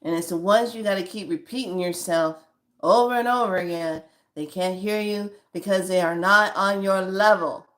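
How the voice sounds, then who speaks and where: A woman offers spiritual guidance in an emphatic, conversational way, calling her listeners "honey" as she speaks to them directly. Her voice is medium-pitched and her pace moderate.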